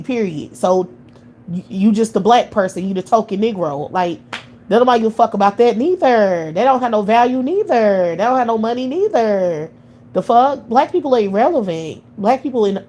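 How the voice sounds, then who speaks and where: A woman's voice: medium pitch, a little mellow. A woman from the United States holds forth on a livestream in a blunt, heated monologue. She swears freely and circles back to the same phrases again and again, with a confrontational delivery. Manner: blunt, heated, profane and repetitive. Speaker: livestream commentator. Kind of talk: profane monologue rant.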